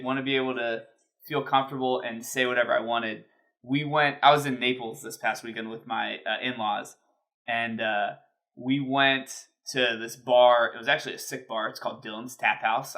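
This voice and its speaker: Man, podcast co-host, casual chat, bright tone, animated storytelling. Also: medium pitch, fairly quick.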